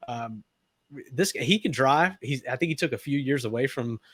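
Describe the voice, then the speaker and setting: A middle-aged man co-hosting a casual racing talk show, rambling and repeating himself with excitement. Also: medium pitch, normal speed, slightly rough, no room sound, clean studio sound. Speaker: co-host.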